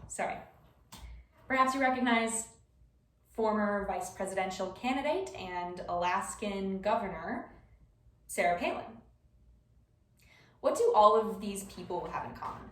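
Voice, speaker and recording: A young adult woman with a medium-pitched voice delivers a class presentation step by step, with ums scattered throughout. The room echoes, she sits far from the mic, and a little hiss or hum is audible.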